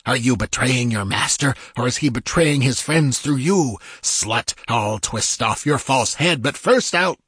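A man's voice: medium pitch, expressive, measured pace, hardly any pauses, a bit bright, husky, no room sound, studio quality, voice pushed up. A man voicing a huge, menacing male temple guard who threatens and sneers, in an audiobook reading.

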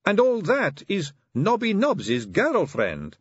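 A man reading aloud voices a young female vampire with a probing, gently teasing manner. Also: medium pitch, wildly swooping pitch, slow pace, slightly rough, no echo, lo-fi sound, voice pushed up, full character voice. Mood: prying. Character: sharp-eared young female vampire, coaxing.

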